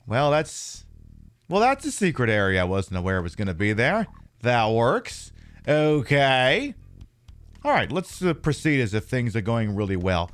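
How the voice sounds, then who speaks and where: A man's voice: fairly low pitch, big pitch swings, unhurried, fairly bright tone, soft background music. A man live-streaming a shooter game, chatting and joking while he swears at the enemies. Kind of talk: live-streamed gameplay chat.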